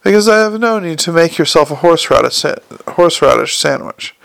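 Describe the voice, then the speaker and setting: Brief: man reads wry young man, dry wit, slightly raised, gravelly. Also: fairly high pitch, expressive, brisk, a bit bright. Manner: wry, dry, sometimes uncertain.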